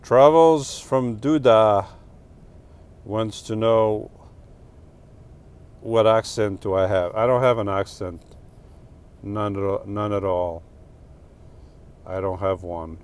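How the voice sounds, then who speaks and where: A man's voice: on the low side, slow, long pauses, darkish tone, clean tone. A middle-aged man from Portugal with a New Jersey and New York accent, hosting a casual live stream, rambling and joking as he reads comments. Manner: rambling, self-correcting, joking.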